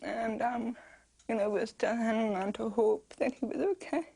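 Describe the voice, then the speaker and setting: A woman's voice: on the high side, steady tone, normal speed, gravelly, mellow, breathy edge. A woman in a documentary interview, speaking in a hesitant, emotional way.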